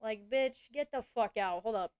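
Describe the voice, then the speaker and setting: A woman's voice: on the high side, moderate pace, darkish tone, clean tone. A young woman streamer chatting casually, rambling through a story and swearing freely. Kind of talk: casual livestream chat.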